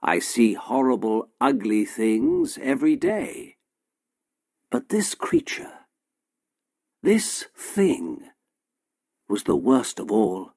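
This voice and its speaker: A man narrating a story in a slow, simple, deliberate way for English learners. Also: medium pitch, gravelly, a little mellow, no echo, studio quality.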